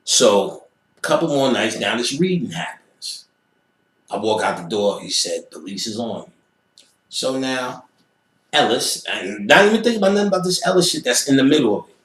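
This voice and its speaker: A man's voice: medium pitch, animated, moderate pace, a bit bright. A man being interviewed, telling a profane story with lots of energy and acting out other people's voices and sound effects. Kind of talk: animated storytelling. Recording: roomy echo.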